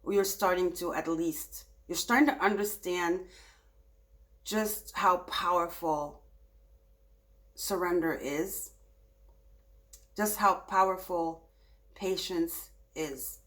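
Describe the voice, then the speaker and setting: A woman giving a casual tarot reading, speaking softly and soothingly and turning animated when she gets excited. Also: fairly low pitch, slow, long pauses. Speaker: tarot reader.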